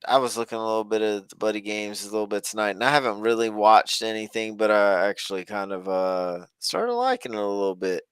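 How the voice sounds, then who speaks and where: A man's voice: fairly low pitch, a little fast, few pauses, a bit bright, smooth, no room sound. A man co-hosting a podcast, talking in a loose, rambling, folksy way about a reality show. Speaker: podcast co-host.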